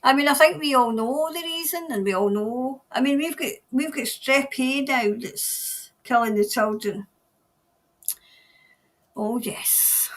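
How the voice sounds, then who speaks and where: A woman's voice: high voice, a little slow. A woman, hosting a casual live stream as a tarot reader, chatting and rambling as she answers viewer comments. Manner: chatty and rambling, laughs often, trails off mid-sentence.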